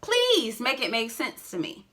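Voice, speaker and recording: A woman giving a casual, sassy recap of a reality show, with expressive asides and big swings in pitch. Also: a little slow.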